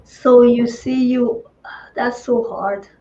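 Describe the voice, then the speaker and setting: A woman host talks very slowly and reflectively, slipping in frequent "uh"s. The audio sounds dull and muffled, like a lo-fi video call, and her voice sits somewhat high. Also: fairly even intonation, dark tone. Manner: measured, reflective, many fillers. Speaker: host, coach. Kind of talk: interview talk.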